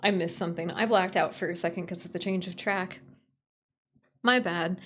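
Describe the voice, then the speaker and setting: A young woman streamer chatting casually with her viewers, rambling and giggling with sudden jumps in pitch, her voice a little strained from overuse. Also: moderate pace. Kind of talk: casual live-stream chat.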